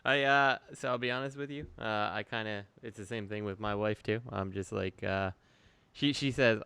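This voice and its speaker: A man's voice: lowish voice, moderate pace, bright, forceful tone, clean tone, no room sound. A man in casual podcast chat who jokes and laughs as he talks. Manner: joking, laughs while talking.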